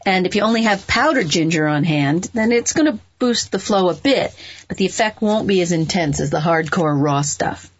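A woman's voice: lowish voice, animated, moderate pace, husky. A woman hosting an advice show in a playful, chatty way, laughing at her own rhymes and slips. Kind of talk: casual radio-style advice talk. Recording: dull lo-fi dry sound.

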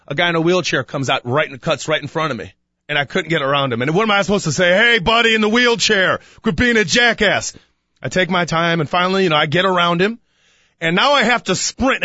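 A man hosting a sports talk radio show, telling a rambling story in a casual way and getting animated when he retells it. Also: sits high, no room sound, dull audio. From Chicago. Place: radio studio.

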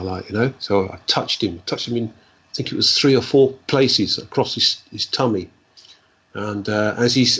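A man with a husky voice tells his stories as a guest, rambling and animated, voicing each person he quotes. His voice sits in an ordinary middle range. The recording sounds dull and lo-fi. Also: medium pitch. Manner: rambling, animated storyteller who acts out dialogue. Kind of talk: casual storytelling.

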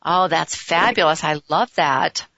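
An effusive woman in her fifties hosts an internet talk show with a bright, forceful voice. She rambles happily between topics. The sound is dry and a little dull. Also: deep voice, a little slow, gravelly, no echo. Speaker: host.

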